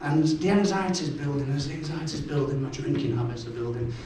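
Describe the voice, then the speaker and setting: A man's voice: fairly high pitch, brisk, dark tone, slight background noise. A middle-aged man with a Salford accent, telling blunt, self-mocking stories in a live stand-up set in a pub. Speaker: stand-up comedian. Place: pub function room with audience. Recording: echoey pub room, mic from far off.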